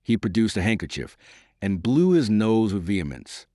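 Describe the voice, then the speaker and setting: A man narrating a historical novel as an audiobook in an expressive, dramatic reading. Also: fairly low pitch, normal speed, dry recording, clean studio sound.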